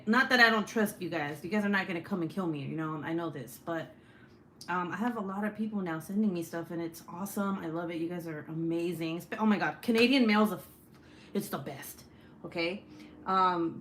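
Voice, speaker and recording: A woman's voice: fairly low pitch, a bit bright, slight background noise. A young woman hosting a casual craft livestream, chatting and reading comments aloud in a rambling, swearing way. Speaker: craft channel host.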